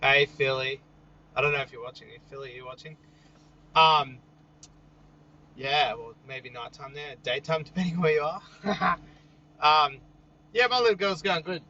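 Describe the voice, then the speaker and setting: Young aussie guy live chatting outside at night, bright tense voice, bit lofi, faint hiss. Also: on the high side, normal speed, long pauses, highs cut off. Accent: Australian. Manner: joking, chuckles often, easygoing. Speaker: livestream host. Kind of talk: casual live chat reading viewer comments. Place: outdoors at night.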